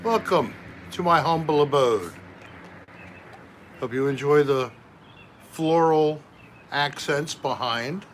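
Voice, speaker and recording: A man's voice: a little high, takes it slowly, pauses often, slight background noise. A man hosting a casual live stream from home, chatting with viewers and reading out their names one by one. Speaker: livestream host.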